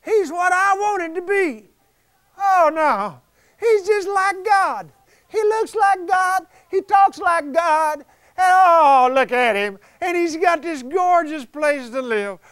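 A man's voice: very high-pitched, lively intonation, slow, fairly bright tone, no room sound, clean studio sound, pitched above the performer's own voice, full character voice. A man preaching a sermon voices Lucifer as an envious, scheming male fallen angel who whines and gasps with longing. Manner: whining, covetous, gasping in awe. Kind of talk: sermon re-enactment.

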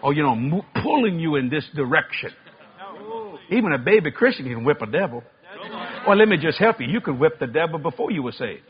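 A man preaching with a high-pitched voice, breaking into loud shouts and folksy humor. The sound is muffled, like an old broadcast recording. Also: sing-song, fairly quick. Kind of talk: sermon with comic storytelling.

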